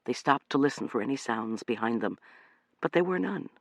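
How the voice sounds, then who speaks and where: Male audiobook narrator, lively in pitch, dry close sound. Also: brisk, dry recording.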